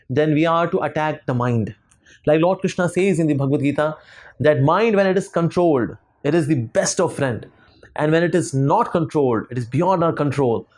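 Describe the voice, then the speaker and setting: A man's voice: on the high side, a little mellow. A man with an Indian English accent giving a devotional lecture to students, telling stories with acted quotes and many fillers. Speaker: spiritual lecturer.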